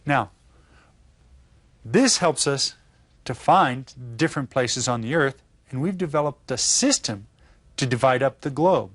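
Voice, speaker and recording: A man teaching an elementary lesson, patient and slow, repeating words and checking in with his students. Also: mid-range voice, lively intonation, fairly bright tone, dry recording. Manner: patient, explains slowly with repeats and check-ins. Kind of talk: classroom lesson.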